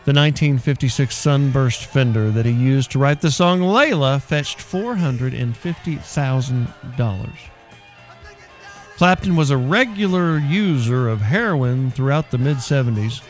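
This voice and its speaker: A man's voice: mid-range voice, animated, measured pace, faint music behind. A man hosting a weekend radio show in a loose, joking, rambling way. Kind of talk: casual radio chat.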